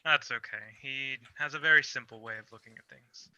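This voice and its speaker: A man playing a tabletop role-playing game, speaking softly as his character. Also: medium pitch, fairly quick, dull audio. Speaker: player.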